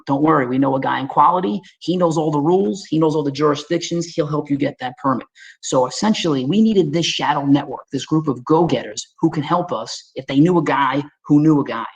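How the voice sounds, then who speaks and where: Here's an energetic Staten Island man, New York accent and all, walking viewers through webinar slides in a folksy, talk-to-you manner. He pitches a bit high, speaks fast with some creak, and the sound is dull.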